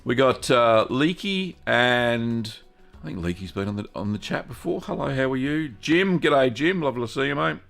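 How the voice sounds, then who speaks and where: A man with an Australian accent hosting a live stream, greeting viewers one by one in a relaxed, chatty way. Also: medium pitch, moderate pace, vocal fry, soft background music. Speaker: host of a cheese-making livestream. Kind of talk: casual live-stream chat.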